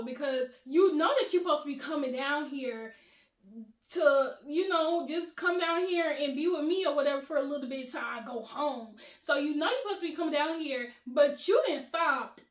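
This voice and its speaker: A young woman vlogger telling a casual storytime to her viewers, chatty and animated, often laughing and addressing them as y'all. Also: high-pitched. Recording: roomy echo.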